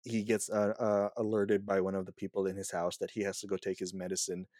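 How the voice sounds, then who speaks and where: A man's voice: low voice, completely flat delivery, brisk, a little mellow, no room sound, studio quality. A man co-hosting a casual podcast, retelling movie scenes in a rambling, swearing way. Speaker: podcast co-host.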